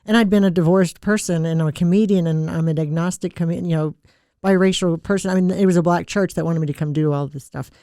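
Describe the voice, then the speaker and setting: Woman comic from texas, lowish voice, laughs a lot telling stories, dry close mic. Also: quick pace, dry recording. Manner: animated storyteller, laughs often. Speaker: guest comedian. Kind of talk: casual podcast chat.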